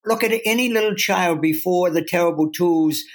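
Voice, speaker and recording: Earnest man, fairly high voice. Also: moderate pace. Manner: earnest, acts out inner voices. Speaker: guest author. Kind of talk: reflective interview talk.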